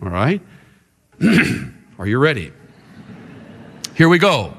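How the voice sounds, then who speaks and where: A man's voice: medium pitch, wildly swooping pitch, takes it slowly, creaky, long pauses, long reverb tail, background noise. A man preaching a sermon with dramatic delivery, leading his congregation to answer back in call-and-response.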